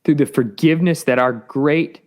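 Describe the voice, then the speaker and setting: A man with a fairly high-pitched voice, appearing as a guest in an interview, earnestly shares his personal testimony. He halts and repeats words, and his voice rises as he grows more intense.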